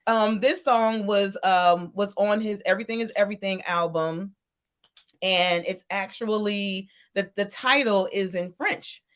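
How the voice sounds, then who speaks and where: A woman co-hosting a radio show, talking loosely and playfully with a pitch that sits mid-range for her sex. She laughs easily and gushes about music in a relaxed, conversational way. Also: measured pace. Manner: chatty and playful, laughs often. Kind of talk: casual radio chat.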